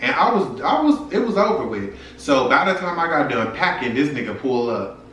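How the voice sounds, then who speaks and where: A man's voice: mid-range voice, very animated, normal speed, fairly bright tone, recorded from a distance. A young man telling a personal story to his viewers in a frank, profane, casual way. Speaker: vlogger. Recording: echoey room, voice from off-mic.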